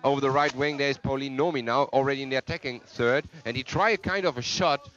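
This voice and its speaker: A man's voice: medium pitch, fast talker, a bit bright. A man doing live sports co-commentary in broken, non-native English, chatting about the players between calls. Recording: lo-fi, muffled sound.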